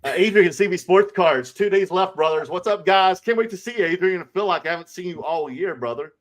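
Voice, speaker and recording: A middle-aged man with a Southern US accent, co-hosting a casual card collecting livestream, greeting viewers with loud sing-song shout-outs. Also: high voice, expressive, fairly quick. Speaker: co-host of a card collecting show.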